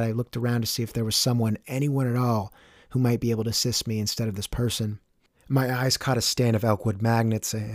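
A man's voice: mid-range voice, dry recording, studio quality. Young man telling a wry story. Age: young adult. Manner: wry, deadpan humor. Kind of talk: personal story narration.

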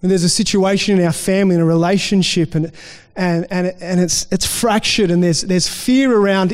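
A man's voice: high voice, fairly even intonation, moderate pace, few pauses. A man preaching a sermon as pastor in a casual, conversational way, often restarting and briefly voicing the people in his story. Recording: long reverb in a hall.

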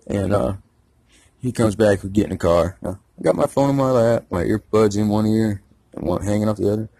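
A man's voice: on the low side, fairly quick, gravelly, mellow, dry recording. A man telling a rambling, profane story in a casual rant. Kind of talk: casual ranting anecdote.

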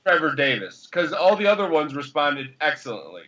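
A man co-hosting a casual sports podcast, fired up and swearing as he argues. His voice sits a bit high and bright, and the dull, lo-fi audio takes the sparkle off the top. He talks in quick bursts. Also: sing-song. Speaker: podcast co-host.

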